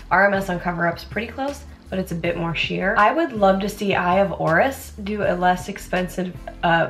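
A young American woman chatting in a rambling way while doing her makeup, often interrupting herself with asides. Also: lowish voice. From United States. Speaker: beauty vlogger.

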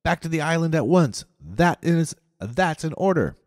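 A man voicing a furious, domineering man who snarls and shouts orders in an audiobook. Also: a little high, big pitch swings, moderate pace, no room sound, clean studio sound, long reverb tail, voice pushed up.

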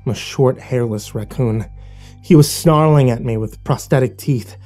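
A man's voice: medium pitch, normal speed, mellow, faint music behind. A man narrating a horror story in the first person, with dramatic scripted delivery.

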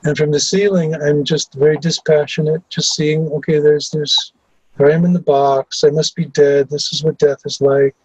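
A man giving testimony about his memories, speaking haltingly with many fillers and restarts. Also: fairly high pitch, little pitch movement, husky, no echo, poor audio. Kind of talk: recounting personal memories in testimony.

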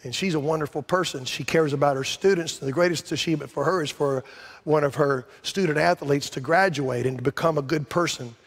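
A pastor preaching a sermon, talking to the congregation in a conversational way, with rhetorical questions and emphatic peaks. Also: male voice, on the high side, brisk, slightly rough. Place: large church sanctuary. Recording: long hall reverb.

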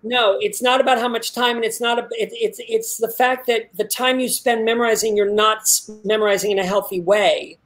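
A man's voice: sits high, fairly even intonation, a little fast, few pauses, fairly bright tone. Emphatic male acting teacher coaching. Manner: emphatic, explains step by step with repetition. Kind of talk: live workshop coaching.

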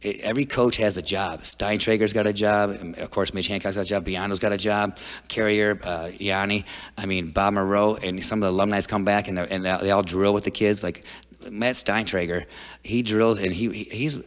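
A man talking as a podcast guest, telling stories in an energetic, rambling way with many restarts. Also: fairly low pitch, normal speed, big-room sound. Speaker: guest wrestling coach. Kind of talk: casual storytelling.

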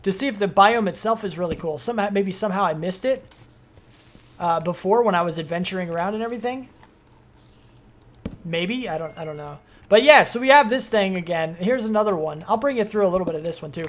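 Young adult streamer, casual gameplay commentary, rambling, excitable, mid-pitched voice. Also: brisk. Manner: rambling, excitable, frequent fillers.

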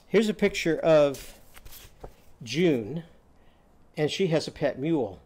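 A man teaching a phonics lesson, telling short stories and quizzing the class with loud, drawn-out vowel sounds. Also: fairly high pitch. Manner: animated, loud drawn-out vowel shouts and quiz prompts.

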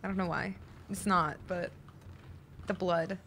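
A young woman streaming a horror game, talking to her chat with excitable, jumpy reactions and swearing when startled. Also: on the low side, a little slow, slight background noise. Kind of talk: live gameplay commentary. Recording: game music behind voice.

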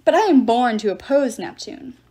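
A woman's voice: on the high side, lively intonation, moderate pace, dark tone. A woman voicing a huge boastful male sea giant who taunts and bellows threats. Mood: taunting. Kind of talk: audiobook character reading.

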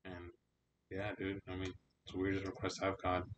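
A man's voice: low-pitched, completely flat delivery, moderate pace. A young man hosting a podcast, telling laid-back stories in casual chat with heavy swearing and slang. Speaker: podcast host.

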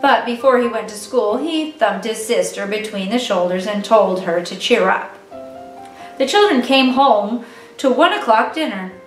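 A woman narrating a children's book aloud in a gentle, clear reading voice. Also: high voice. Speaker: storyteller. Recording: echoey room, distant mic, faint music.

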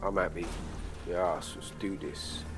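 A British man giving crude, excitable let's play commentary while trash-talking enemies in a war game. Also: deep voice, slow pace. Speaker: gamer. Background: game music and gunfire.

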